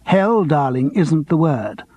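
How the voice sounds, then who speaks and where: A man's voice: fairly high pitch, very animated, a little mellow, voice pushed up, heavily acted. A man doing a cooing, gushing stage actress. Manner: cooing, drawn-out, calls everyone darling. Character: theatrical older actress, gushing and dramatic.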